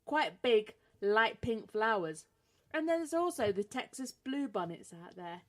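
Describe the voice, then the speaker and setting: A woman's voice: fairly high pitch, very animated, unhurried. A British woman co-hosting a radio show, teasing her co-host and laughing often. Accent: British English. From England. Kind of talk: playful banter on a podcast radio show.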